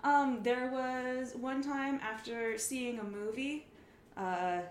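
A woman's voice: high-pitched, fairly even intonation, slow pace. A woman co-hosting a casual podcast, chatting and teasing her co-host in loose banter. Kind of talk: casual chat. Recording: roomy echo.

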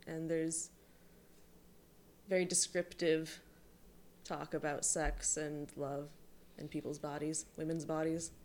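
Low gravelly young woman, hesitant. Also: flat delivery, slow, long pauses, darkish tone, slight background noise. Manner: hesitant, filler-heavy. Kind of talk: casual chat.

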